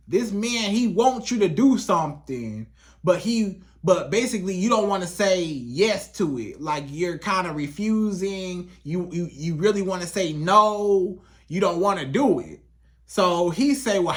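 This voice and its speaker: A man's voice: high-pitched, a bit bright. Man giving repetitive, emphatic relationship advice. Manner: repetitive, emphatic, acts out quoted lines. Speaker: relationship coach. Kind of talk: casual advice monologue to camera.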